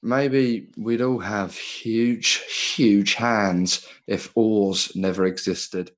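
A man's voice: lowish voice, steady tone, extremely slow. A man co-hosting a podcast, musing aloud with jokey questions. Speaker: podcast co-host. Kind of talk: casual chat.

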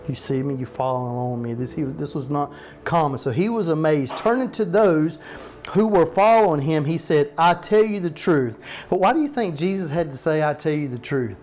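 Higher-voiced preacher slowing on each verse. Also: male voice, a little mellow. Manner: slows down to stress verses, asks the listeners questions. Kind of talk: sermon with scripture reading.

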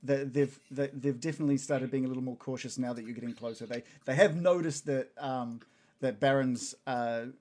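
A man's voice: mid-range voice, fairly even intonation, a little fast, a little mellow. A man running a tabletop game as game master, rambling with lots of fillers and laughs.

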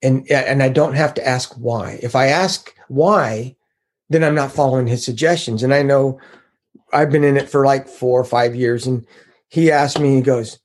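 Casting note: middle-aged man, mid-pitched, earnest and confessional, giving a personal testimony. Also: moderate pace. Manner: earnest, confessional, quotes others in lively voices. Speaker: recovery group member sharing his story.

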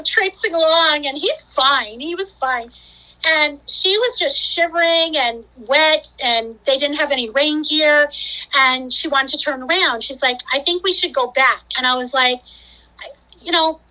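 A woman's voice: sits high, animated, a little slow, pushed and bright, rough recording. A woman telling a story on a podcast, chatty, with many fillers, acting out what she said at the time. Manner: chatty, many fillers, acts out her own quotes. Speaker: podcast guest. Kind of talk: casual storytelling.

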